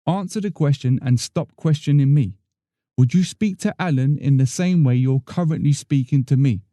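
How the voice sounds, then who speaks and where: A man's voice: a little high, normal speed, warm tone, no echo, studio quality, natural voice. A man voicing a prim, cold female office supervisor who speaks in a clipped, accusing way in an audio story. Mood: stern accusing.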